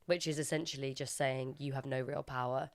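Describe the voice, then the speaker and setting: A woman with a very low voice talks casually on a podcast, often breaking in to agree with her co-host. Her voice is recorded dry and close. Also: steady tone, a little fast, no room sound. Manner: responsive, with frequent agreeing interjections. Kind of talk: casual chat recapping a TV episode.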